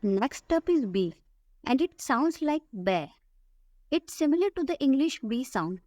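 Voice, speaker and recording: A woman teaching a language lesson, saying each letter and example word slowly and repeating them for the listener to copy. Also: high voice, very animated, warm tone, no room sound, clean studio sound. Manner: slow, careful, repeats each word for practice. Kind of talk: slow scripted alphabet lesson.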